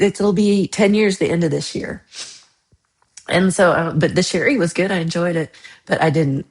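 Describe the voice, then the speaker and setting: A woman hosting a livestream chat, casually rambling about her week with frequent laughs, sounding a little under the weather. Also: lowish voice. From United States. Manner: chatty, rambling, laughs often. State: slightly unwell after a bad night. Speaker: livestream host. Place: home.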